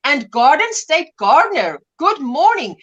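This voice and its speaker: High-voiced chatty woman in her fifties. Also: big pitch swings, a little slow, a bit bright, highs cut off. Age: 50s. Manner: chatty, laughs often, drifts between greetings and stories. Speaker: livestream host. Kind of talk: casual chat reading viewer comments.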